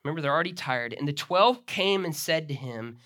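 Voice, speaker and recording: A man's voice: fairly high pitch, animated, fairly quick, a bit bright. A man preaching a sermon, expounding a passage and acting out the disciples' words. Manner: expository preaching with dramatic retellings of the text. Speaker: pastor.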